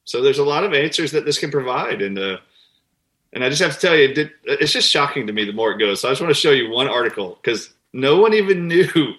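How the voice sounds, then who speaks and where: A man's voice: medium pitch, expressive, fast talker, fairly bright tone. A man, a doctor appearing as an interview guest, telling stories animatedly and acting out the people he quotes. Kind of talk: conversational interview.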